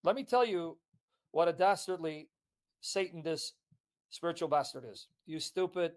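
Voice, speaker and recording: A man's voice: a little high, normal speed. A man delivering a hostile, insulting tirade on a livestream. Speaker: online commentator. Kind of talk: livestream rant.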